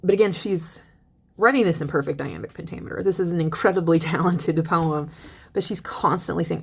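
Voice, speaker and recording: A young woman teaching a literature lesson in a chatty, lively way, reading poems aloud and paraphrasing them. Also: on the low side, fairly quick, creaky, breathy edge. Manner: chatty, animated paraphrasing with laughs. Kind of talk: casual lecture with poem readings.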